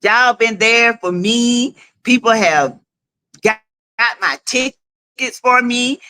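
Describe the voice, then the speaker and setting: A woman hosting a casual livestream, chatty and quick to laugh, calling her viewers y'all and honey. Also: on the high side, pushed and bright. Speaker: livestream host.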